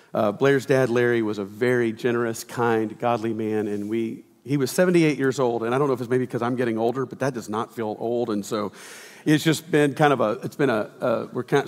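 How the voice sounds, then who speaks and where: A middle-aged man preaching a sermon in a lively, conversational way, acting out quotes and sometimes shouting. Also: medium pitch. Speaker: pastor. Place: church auditorium. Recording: reverberant church hall.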